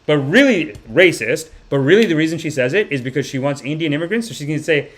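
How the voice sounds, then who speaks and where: A young man hosts a comedy podcast, telling stories in a slightly high voice and talking fast. He's animated throughout, acting out the people in his comedic monologue with different voices.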